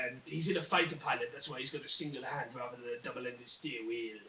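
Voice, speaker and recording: A man's voice: mid-range voice, fairly even intonation, a little fast, hardly any pauses, sharp tone, a little hiss or hum. A young man rambling through a jokey, one-take comic news rant, full of fillers and asides. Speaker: vlogger. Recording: dull, roomy, from a distance.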